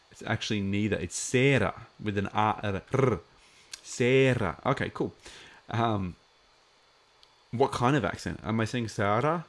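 Chatty streamer dude rambling along, low gravelly voice, lots of ums. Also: male voice, a little slow. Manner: rambling, chatty, many fillers. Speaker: live streamer. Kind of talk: casual live-stream commentary.

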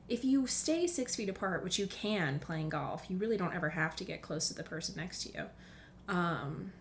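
A woman's voice: on the low side, normal speed, a little hiss or hum. A young woman hosting a casual podcast monologue from home, chatty, dropping into whispers for asides. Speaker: podcast host.

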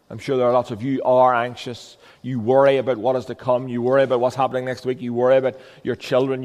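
A man's voice: mid-range voice, in a large hall. A man preaching a sermon as a pastor, earnest and emphatic, with rhetorical questions.

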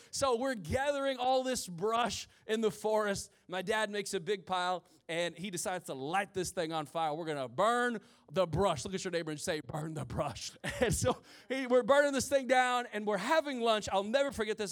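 Male pastor, forties, fairly high voice, animated preaching, jokes to the congregation. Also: fairly quick. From rural Midwest of the US. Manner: lively storytelling with humorous asides to the congregation. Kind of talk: sermon. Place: church before a congregation.

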